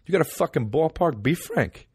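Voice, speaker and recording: A man voicing a loud, pushy New York guy with a New York accent who swears constantly. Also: on the high side, expressive, normal speed, slightly rough, no echo, clean studio sound, voice pushed up. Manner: brash, swearing, insistent.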